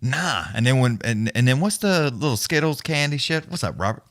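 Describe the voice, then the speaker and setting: A man's voice: medium pitch, animated, moderate pace, fairly bright tone, no room sound, studio quality. A man hosting a live fight watch-along stream, chatting casually and telling rambling, profane stories with chuckles. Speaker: livestream host. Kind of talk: casual profane storytelling chat.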